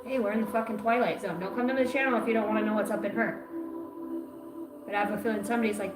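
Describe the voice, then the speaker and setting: A woman's voice: mid-range voice, fast, reverberant, over music, poor audio. A woman giving a zodiac card reading on a livestream, cursing a lot and rambling from joke to joke. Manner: profane, rambling and jokey. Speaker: astrology card reader.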